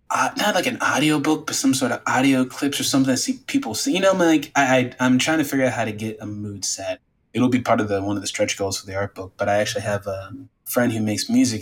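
Guy chatting loose about game design, says like a lot, kinda rambly. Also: fairly low pitch. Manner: animated, rambling, lots of fillers. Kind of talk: casual conversation.

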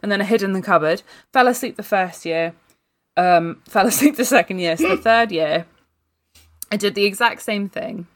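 A woman's voice: medium pitch, animated, moderate pace. A woman co-hosting a casual book club podcast, telling a story with frequent giggles and ums. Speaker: podcast co-host.

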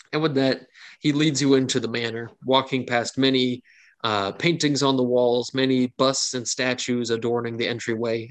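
A man narrating a tabletop game as game master, in a casual, descriptive way. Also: mid-range voice.

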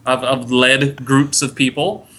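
A man who is a comedian guest on a podcast, joking in a deadpan, self-mocking way. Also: medium pitch, slow, noisy background. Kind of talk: casual comedy podcast chat.

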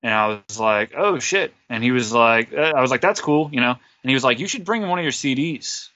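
A man's voice: mid-range voice, expressive, fairly quick, pushed and bright, no room sound, dull audio. A man on a podcast as a guest, telling a rambling, self-deprecating story full of fillers. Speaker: podcast guest, wrestler and musician. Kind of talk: casual interview storytelling.

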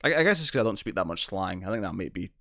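A man's voice: low-pitched, big pitch swings, very fast, sharp tone, no room sound. A Scottish man co-hosting a podcast, chatting casually and often restarting his sentences. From Scotland. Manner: chatty, self-interrupting, laughs often. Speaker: podcast co-host. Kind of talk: casual chat.

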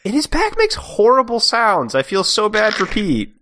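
A man's voice: sits high, wildly swooping pitch, moderate pace, sharp tone, a little hiss or hum. A man co-hosting a podcast, adding dry joking asides while chatting casually about a video game. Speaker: podcast co-host. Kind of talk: casual game recap chat.

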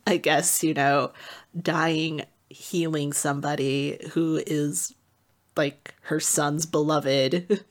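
A woman with a fairly low voice talks casually about a book she has read. She is animated and slips into quick voices to act out what the characters say. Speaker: podcast co-host.

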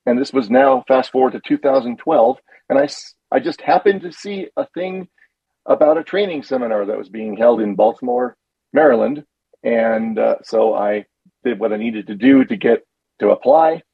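Man on a panel, relaxed rambling storyteller, gravelly husky voice, muffled audio. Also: mid-range voice, moderate pace, dry recording. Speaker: panel guest, description narrator. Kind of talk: conversational storytelling.

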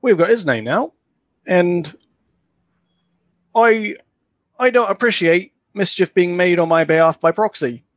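A man voicing an earnest, humble young man who speaks politely and sincerely, in a voice pitched above his own. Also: unhurried, long pauses, no room sound. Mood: determined.

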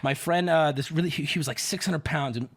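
A man's voice: a little high, a little fast. A man streaming, telling a story to his chat in an indignant, profane rant. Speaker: livestreamer.

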